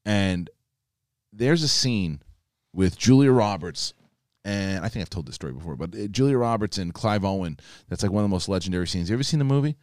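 Casting: animated male co-host, lively pitch, dry close mic. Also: brisk, no echo. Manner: rambling, animated storytelling. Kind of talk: casual live-stream chat.

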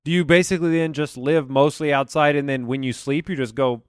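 Comedy podcast co-host, male, clear resonant voice, slightly high, dry close sound. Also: fairly even intonation, brisk, no room sound. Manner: storytelling, acts out his own inner voice. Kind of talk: casual comedic chat.

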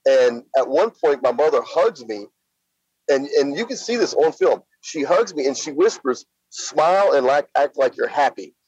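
Husky man telling his story. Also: mid-range voice, a little mellow, no room sound. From Louisiana. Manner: plain-spoken, halting with frequent fillers. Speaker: interview guest. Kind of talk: casual spoken storytelling. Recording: slightly dull lo-fi sound.

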